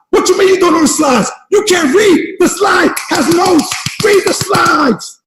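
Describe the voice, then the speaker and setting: A man giving a fired-up motivational speech on a team call, shouting and repeating himself like a preacher. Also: extremely high pitch, normal speed, hardly any pauses, reverberant, long reverb tail, a little hiss or hum, rough recording. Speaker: network marketing leader.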